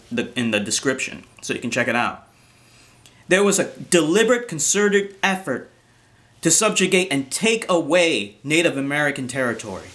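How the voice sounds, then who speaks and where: A man's voice: mid-range voice, fairly bright tone. A man delivering a ranting commentary vlog in an indignant, profane tone, often restarting his sentences. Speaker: commentary vlogger.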